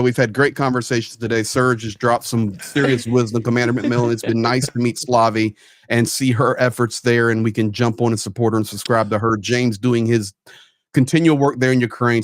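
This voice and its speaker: A man's voice: medium pitch, fairly even intonation, brisk, no echo, clean studio sound. A man speaking as a guest on a livestream panel through a headset, earnest and self-mocking by turns. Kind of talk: casual panel chat.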